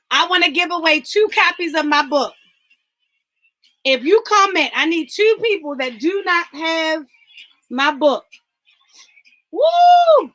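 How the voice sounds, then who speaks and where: A woman's voice: very high voice, sharp tone, low-quality recording. A woman hosting a live online talk, calling out viewers by name and speaking with exuberant, preacher-like fervor. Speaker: host. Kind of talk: livestream talk, giveaway.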